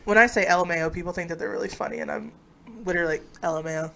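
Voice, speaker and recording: A woman's voice: fairly low pitch, wildly swooping pitch, rapid-fire, a bit bright. A young woman co-hosting a live stream in casual chat, playful and laughing often.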